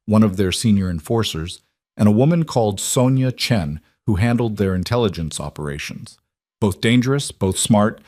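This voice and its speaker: Male narrator, scripted story, calm, even, low voice, dry close sound. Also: dry recording.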